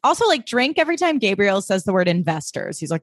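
Midwest-raised woman co-host, chatty, lots of "like", middle pitch, dry close sound. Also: very animated, fast talker, no echo. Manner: chatty, frequent "like", quotes people in voices. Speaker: podcast co-host. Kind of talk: casual chat recapping a TV episode.

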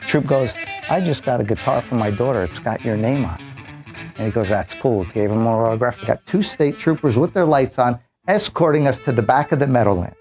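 A man, a police officer, telling an animated story and acting out the voices of the people in it. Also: medium pitch, fairly quick, faint music behind.

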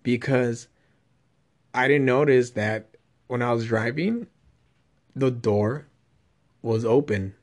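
A man's voice: medium pitch, slow pace, long pauses. A young man telling a rambling, profane story in casual chat.

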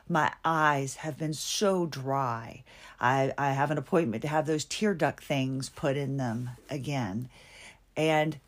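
A middle-aged woman hosting a podcast, talking anxiously and ramblingly about her health, with frequent restarts and shifting pace. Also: low-pitched. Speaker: podcast host. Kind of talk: personal health monologue.

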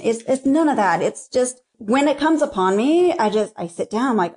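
A woman's voice: fairly high pitch, expressive, moderate pace, darkish tone. Frank, rambling woman author. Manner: frank, rambling, with many restarts. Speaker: erotica author, guest. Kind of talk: casual interview talk.

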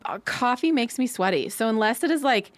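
A woman's voice: a little high, lively intonation, fairly quick, no room sound. A woman hosting a podcast in casual chat, rambling through stories with many fillers. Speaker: podcast host.

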